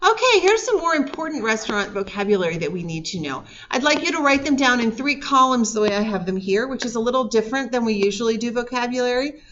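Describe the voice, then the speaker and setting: A woman teaching a recorded French lesson, slowly modeling words for learners to repeat and prompting them warmly between drills. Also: on the high side, expressive, a little hiss or hum. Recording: dull lo-fi recording.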